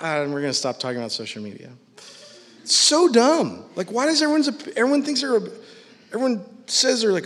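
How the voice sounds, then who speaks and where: A man preaching a sermon, animated and mocking in his asides, acting out the voices he quotes. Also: very high voice, fairly quick, in a large hall. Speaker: pastor.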